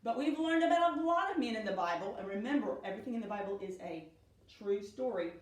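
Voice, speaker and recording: A middle-aged woman gives a children's Bible lesson in a slow, sing-song storytelling way. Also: fairly high pitch, expressive. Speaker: Sunday school teacher. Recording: echoey room, speaker far from mic.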